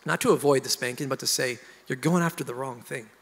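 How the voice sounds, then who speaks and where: Man, pastor, gravelly voice, animated heartfelt testimony, long reverb. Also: fast talker. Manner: animated, emotional storytelling, rising loud at high points. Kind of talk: candid conversational testimony.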